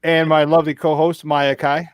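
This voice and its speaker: A man hosts a morning sports talk show from a remote setup, his voice sitting a touch high. He chats in an upbeat, loose way, full of fillers and restarts. The sound is dry, with no room around it. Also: flat delivery, normal speed, clear, resonant tone, no echo. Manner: upbeat, laughs often, many fillers and restarts. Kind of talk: casual on-air chat. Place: remote virtual studio.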